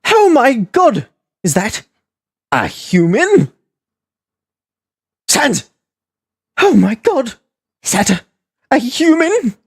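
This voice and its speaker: A woman voicing a loud, pompous, excitable male skeleton with flamboyant, theatrical delivery. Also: high-pitched, slow pace, pauses often, breathy edge, heavily acted. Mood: excited. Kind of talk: voice acting audition takes.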